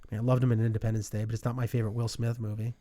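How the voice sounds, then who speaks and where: A man's voice: medium pitch, little pitch movement, very fast, dark tone. A man co-hosting a casual movie podcast, rambling and self-deprecating. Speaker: podcast co-host. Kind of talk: casual chat.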